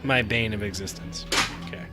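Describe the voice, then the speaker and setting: A man's voice: lowish voice, normal speed, over loud music. A man hosting a live pinball stream, chatting casually with viewers, laughing often as he plays. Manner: chatty, laughs often, talks to chat while playing.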